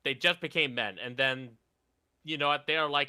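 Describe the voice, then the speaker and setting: Indignant ranting man, very bright voice. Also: mid-range voice, expressive, quick pace. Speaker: co-host. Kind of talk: reaction commentary.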